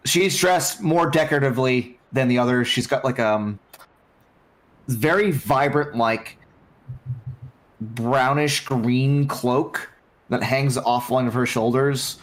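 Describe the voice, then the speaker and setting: Man narrating as a loose, halting game master. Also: mid-range voice. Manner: loose and halting, lots of fillers.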